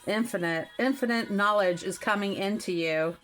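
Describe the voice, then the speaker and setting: A woman's voice: mid-range voice, moderate pace, fairly bright tone. A woman giving a casual tarot reading, talking straight to the viewer in a chatty way and laughing easily. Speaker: tarot reader. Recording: faint music behind.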